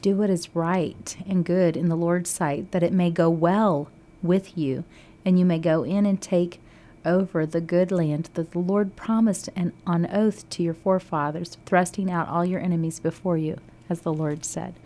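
Earnest lower-voiced woman teaching scripture. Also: steady tone, moderate pace, mellow. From Texas. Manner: earnest, teaching, with frequent restarts. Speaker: co-host of a Christian radio show. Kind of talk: devotional radio talk.

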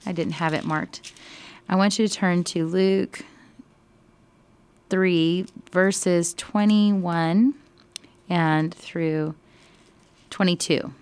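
A woman leading a casual Bible study, directing readings and asking questions, and growing animated and emphatic when moved. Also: on the low side, drawn-out words, pauses often, smooth.

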